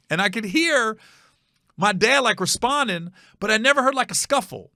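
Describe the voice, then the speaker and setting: A middle-aged podcast host tells a story in a casual, animated way, acting out other people's voices with high shouts. His gravelly voice is expressive and a little fast, recorded in echo-free studio quality.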